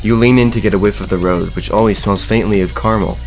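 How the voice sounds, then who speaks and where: A young man reading a text game aloud with a friend, playful and steady. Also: fairly low pitch, quick pace, music in the background. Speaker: game reader.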